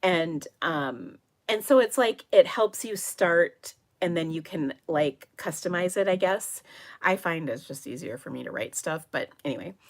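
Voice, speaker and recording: A middle-aged woman hosting a craft livestream from her home, chatting in a rambling way with frequent laughs and hushed asides. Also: lowish voice, animated, unhurried. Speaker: papercraft livestream host. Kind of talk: casual livestream chat.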